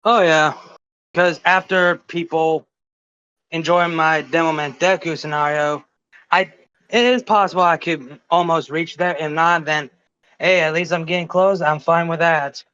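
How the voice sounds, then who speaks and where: A man's voice: on the high side, steady tone, measured pace, bright, forceful tone, smooth, no room sound, highs cut off. A man in casual podcast chat, upbeat and easygoing about his goals. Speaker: podcast guest.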